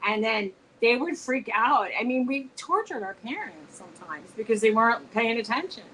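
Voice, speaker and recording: A woman's voice: a little high, animated, normal speed, fairly bright tone, low-quality recording. A woman with a slightly raised voice tells rambling stories in a casual chat between friends, restarting her sentences as she goes. Faint room noise sits under her voice. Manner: rambling storyteller, restarts often. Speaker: co-host.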